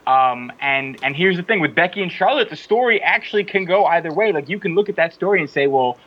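A man hosting a podcast, chatting in an animated, rambling and opinionated way. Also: sits high, fast, lo-fi sound, faint music behind. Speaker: podcast host. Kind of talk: casual opinionated chat.

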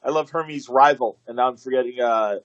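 A man hosting a casual interview, enthusiastic and quick with praise, often saying "man". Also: mid-range voice, dry recording, dull audio. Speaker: podcast host.

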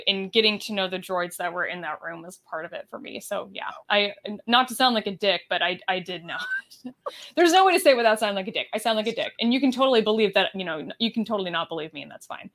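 A woman's voice: medium pitch, fast, a bit bright. A young woman talking as a podcast guest in casual chat, full of likes and ums. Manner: chatty, filler-heavy with frequent likes and ums.

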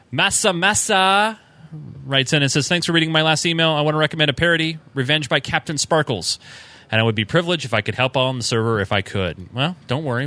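A man's voice: a little high, pushed and bright. A man co-hosting a casual podcast, reading listener emails aloud with fillers and small chuckles.

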